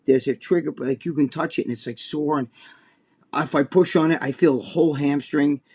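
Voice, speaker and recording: Brief: male co-host, a bit high-pitched, profane and rambling, casual talk. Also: fairly even intonation, normal speed, a little mellow, husky. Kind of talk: casual chat.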